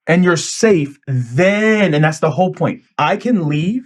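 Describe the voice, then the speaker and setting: A man's voice: a little high, expressive, measured pace. A man hosting a podcast, talking in a profane, emphatic way and acting out quoted lines as he tells a story. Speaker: podcast host. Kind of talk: casual podcast chat.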